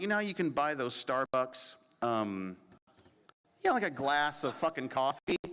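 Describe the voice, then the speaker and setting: Profane, animated male storyteller in a hall. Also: on the high side, clear, resonant tone. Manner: animated, profane, acts out other people's voices. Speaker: panel guest telling a story. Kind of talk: comedic storytelling at a live panel. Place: convention panel room. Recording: echoey convention hall.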